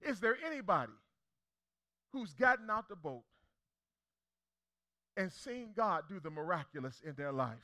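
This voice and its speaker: A young male pastor preaching with a high, very bright, ringing voice. He drives points home through repetition and keeps throwing questions out to the congregation. It sounds like a lively sermon delivered from the pulpit. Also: a little slow, long pauses. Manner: preacherly call-and-response, emphatic repetition.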